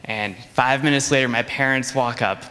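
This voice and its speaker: Animated man telling a children's sermon. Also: medium pitch, normal speed. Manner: animated storyteller, acting out voices in the story. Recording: long reverb of a large hall.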